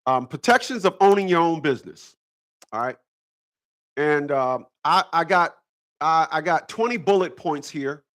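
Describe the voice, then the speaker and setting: A man's voice: a little high, lively intonation, moderate pace, fairly bright tone. A man hosting a casual livestream talk, rambling, repeating himself and breaking into laughter. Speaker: channel host.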